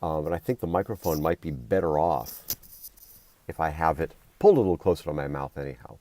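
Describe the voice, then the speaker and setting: A man's voice: very deep voice, a little fast, darkish tone. A man casually explaining a microphone test inside a car, thinking aloud step by step. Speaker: vlogger testing microphones. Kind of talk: casual demonstration. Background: faint car engine hum.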